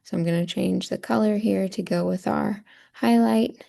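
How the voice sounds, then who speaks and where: A woman's voice: medium pitch, steady tone, normal speed, gravelly, warm tone. A woman teacher walking through a poem on a shared screen, patiently explaining and checking in with a rhetorical "right?". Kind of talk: screen-share lesson walkthrough.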